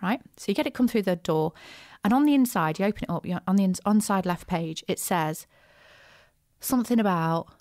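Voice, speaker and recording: A woman hosting a business podcast, chatty and animated, with frequent asides and restarts. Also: medium pitch, fairly quick, dry recording, clean studio sound. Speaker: podcast host, business coach. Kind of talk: casual solo podcast talk.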